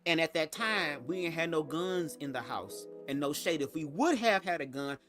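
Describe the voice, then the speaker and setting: A man's voice: lively intonation, normal speed, a bit bright, faint music behind. A young man telling a personal story to camera in a casual, sassy, profane way. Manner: profane, sassy, emphatic with big pitch swings. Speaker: storytime vlogger.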